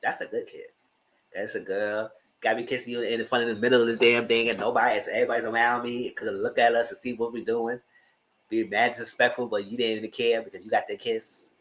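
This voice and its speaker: A man hosting a channel, recapping TV episodes in casual, gossipy commentary, swearing freely and jumping into squealed exclamations. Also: quick pace. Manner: animated, gossipy retelling with frequent swearing; breaks into high squealing exclamations. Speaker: TV show reviewer and channel host.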